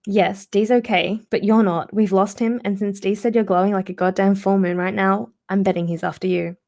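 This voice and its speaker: A woman reading the lines of an angry, protective young man on the phone, in a plain, slightly slowed voice with some vocal fry. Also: mid-range voice, steady tone, a little mellow, close to an everyday voice. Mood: strained.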